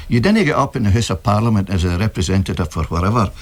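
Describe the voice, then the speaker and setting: A man's voice: fairly low pitch, expressive, fast. A man with a Scots accent on a radio panel, blunt and wry, dropping Scots words into his speech. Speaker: panel guest. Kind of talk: panel discussion.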